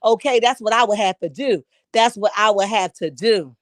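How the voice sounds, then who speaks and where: A woman's voice: mid-range voice, normal speed, no room sound. A woman hosting a casual livestream, reading chat comments and talking back to them with sass and emphasis.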